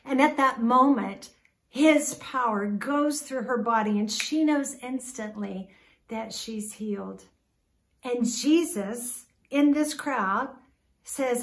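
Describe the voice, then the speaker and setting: A woman preacher retelling a story in a sermon, dramatic, swinging from loud to hushed. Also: fairly high pitch, slow pace.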